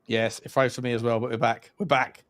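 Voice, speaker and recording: A man hosting a football watch-along, reacting with animated, mocking banter. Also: mid-range voice, fairly quick. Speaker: host.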